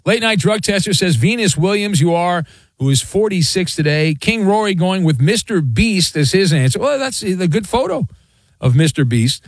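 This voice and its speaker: A man's voice: high-pitched, animated, normal speed, dry recording. A man hosting a sports radio show, chatting casually with a wry, rambling manner and plenty of "uh"s.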